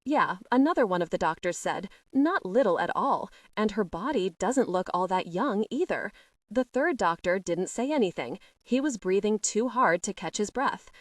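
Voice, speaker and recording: A woman narrating an audiobook in an even, measured way. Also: mid-range voice, no echo, clean studio sound, far from the mic. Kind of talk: scripted narration.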